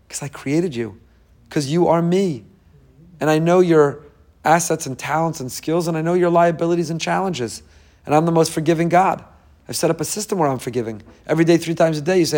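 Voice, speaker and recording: A man's voice: fairly high pitch, a little fast, darkish tone. A middle-aged man, a religious teacher, preaching an earnest sermon that piles up repeated, emphatic phrases. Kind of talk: inspirational sermon.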